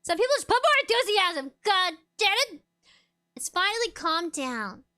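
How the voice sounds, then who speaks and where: A woman's voice: extremely high pitch, very animated, normal speed, bright, forceful tone. A young woman streaming a game, chatting casually and giggling as she reads chat aloud.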